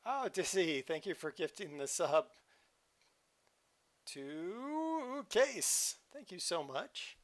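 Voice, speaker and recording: A man's voice: fairly high pitch, very animated, normal speed, hardly any pauses. A man hosting a live game stream, chatting casually and joking around as he plays. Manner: playful, jokey, chatty. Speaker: livestream host.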